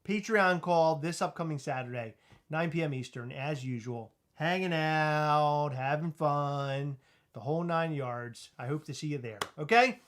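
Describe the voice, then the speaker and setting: A man's voice: a little high, moderate pace. A man hosting a casual livestream chat, joking and rambling, who mentions he is in back pain. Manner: joking, rambling, self-deprecating. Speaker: host.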